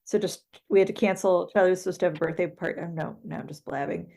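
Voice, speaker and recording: A woman's voice: on the low side, fairly even intonation, fast talker, vocal fry, mellow. A woman co-hosting a podcast, talking in hesitant, filler-heavy casual chat and laughing often. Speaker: podcast co-host.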